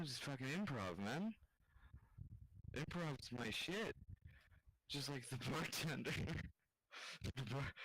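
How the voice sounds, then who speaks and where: A man's voice: low-pitched, a bit bright, no room sound, low-quality recording. A tired young man in his bedroom late at night, rambling through improvised crude jokes and cracking up at himself. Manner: giggly, loses it laughing at his own jokes. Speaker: vlogger telling improvised jokes.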